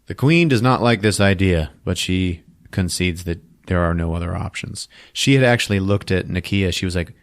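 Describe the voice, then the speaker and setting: A man hosting a podcast, recapping a film plot in a casual, profane, animated storytelling way on a close mic. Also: low-pitched, normal speed, few pauses, no echo. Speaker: podcast host.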